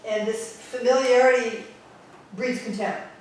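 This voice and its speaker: A woman's voice: fairly high pitch, steady tone, measured pace, slight background noise. Blunt Bronx woman in an echoey studio. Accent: New York (Bronx). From the Bronx, New York. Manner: blunt, sarcastic. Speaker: Pilates instructor. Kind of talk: teaching talk to instructors. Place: Pilates studio. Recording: very echoey room, distant mic.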